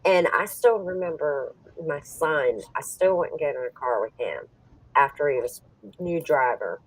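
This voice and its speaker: Chatty middle-aged woman, low and lively. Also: husky, dry recording, far from the mic, rough recording. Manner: laughs often, chatty and animated when telling stories. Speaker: poker stream co-host. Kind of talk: casual storytelling chat.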